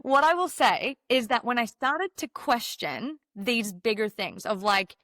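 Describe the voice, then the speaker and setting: A woman with a fairly high voice is a guest on a casual podcast interview. She tells her story with animated emphasis, slipping into her own past inner voice as she goes. The sound is dry and close, with no room echo. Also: normal speed, few pauses. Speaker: guest, mindset mentor and former dancer.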